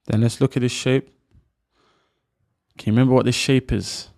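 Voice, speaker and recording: A man teaching letter sounds, slowly repeating each sound for the learner to copy. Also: medium pitch, little pitch movement, creaky, a little mellow, no echo, studio quality. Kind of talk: pronunciation lesson.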